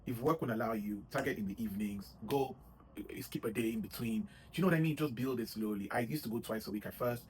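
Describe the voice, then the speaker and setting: At a quick pace and medium pitch, this man's slightly mellow voice rambles through casual motivational gym advice for his viewers, often tacking on "you know what I mean." It's a rough recording with slight background noise.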